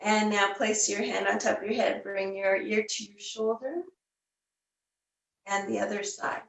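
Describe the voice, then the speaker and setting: A woman teaching a yoga class, giving gentle, unhurried cues with the odd filler. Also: mid-range voice, steady tone, vocal fry, recorded from a distance. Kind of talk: guided yoga class instruction. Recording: roomy, voice a bit off the mic.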